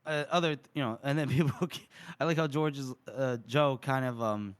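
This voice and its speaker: A man's voice: mid-range voice, normal speed, clean tone. A man co-hosting a podcast, recapping a book in a rambling, casual way with frequent laughs. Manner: rambling, laughs often, many fillers. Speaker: podcast co-host.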